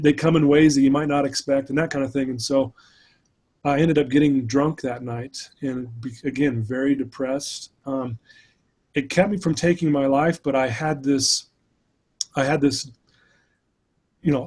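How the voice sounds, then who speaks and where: A man's voice: medium pitch, darkish tone. A man recounting his own struggles in an interview, speaking earnestly and candidly as a speaker and mentor. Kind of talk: personal storytelling in an interview.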